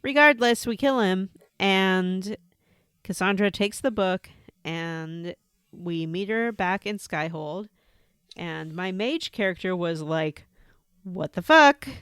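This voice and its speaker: A woman's voice: fairly low pitch, slow pace, fairly bright tone, smooth, no room sound, studio quality. A woman co-hosting a podcast, chatting casually as she retells what happened in a game. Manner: chatty, retells scenes with quoted voices. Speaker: podcast co-host.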